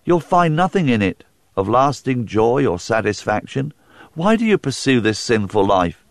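A man preaching, voicing God as a calm, pleading male figure asking questions. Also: mid-range voice, moderate pace, no echo, clean studio sound.

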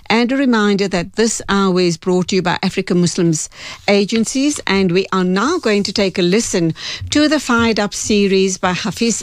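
A woman with a mid-range voice hosts a radio news program, measured and courteous. The studio sound is very dry and close. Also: medium pitch, smooth, no room sound. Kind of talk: radio interview and links.

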